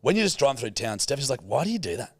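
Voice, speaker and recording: A man's voice: medium pitch, very fast, husky, dry recording. A man co-hosting a podcast, telling a road rage story in casual chat and swearing a lot. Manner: swears a lot, animated retelling. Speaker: podcast co-host.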